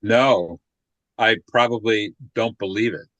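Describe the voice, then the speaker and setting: A man's voice: fairly low pitch, slow, a bit bright, no echo, poor audio. A man speaking as a guest in a casual group talk, terse and dry in manner.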